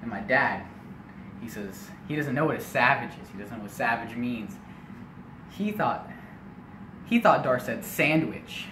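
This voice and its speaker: A young man tells a comic family story in a lively, rambling way, tossing in casual asides as he goes. His voice sits at an ordinary pitch, and an echoey room with faint noise behind it colors every word. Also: a little slow, pauses often, distant mic. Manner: animated, lots of filler asides. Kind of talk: comedic storytelling.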